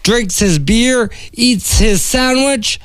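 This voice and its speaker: A man co-hosting a comedy show, telling a long joke as an unhurried storyteller. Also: extremely high pitch, a bit bright, smooth, no room sound, clean studio sound.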